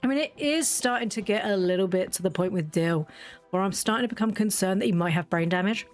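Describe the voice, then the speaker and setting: A woman's voice: mid-range voice, fast talker, faint music behind. A woman hosting a casual game video, chatty and teasing, scolding the characters she plays with. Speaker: gaming video host. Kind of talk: casual let's-play chat.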